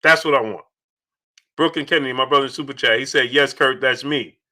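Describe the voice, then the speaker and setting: A man's voice: mid-range voice, a little fast, pushed and bright. A man hosting a casual boxing livestream, reading out super chats and making his points emphatically, often restarting his phrases.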